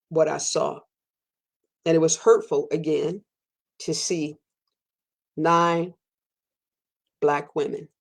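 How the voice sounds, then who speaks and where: Woman host, lower register, fiery repetitive delivery. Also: gravelly, a little mellow. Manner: fiery, repetitive, preacherly emphasis with sudden pitch jumps. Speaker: podcast host. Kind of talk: emphatic personal monologue.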